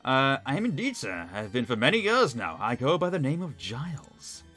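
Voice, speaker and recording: A man's voice: medium pitch, sing-song, moderate pace, sharp tone, faint music behind. A man reading an old evasive butler. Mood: courteous. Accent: Northern English. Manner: polite, formal, read aloud. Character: old male manor butler, evasive, long-serving.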